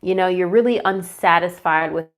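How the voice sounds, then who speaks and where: A young adult woman reading tarot in a casual, chatty forecast, talking through a stuffy, congested nose with fillers and quick self-corrections. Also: lowish voice, a little hiss or hum. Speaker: tarot reader.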